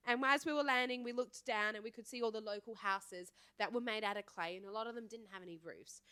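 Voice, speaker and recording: A young woman, co-hosting a podcast in a playful, animated, storytelling chat. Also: on the high side, fast, clear, resonant tone, dry recording, clean studio sound. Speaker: podcast co-host. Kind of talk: casual chat.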